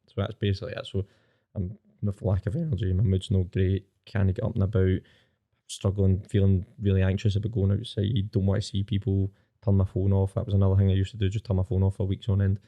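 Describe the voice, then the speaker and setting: A Scottish man in his twenties telling his own story candidly as a podcast guest, plain-spoken and rapid. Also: low-pitched, flat delivery, mellow.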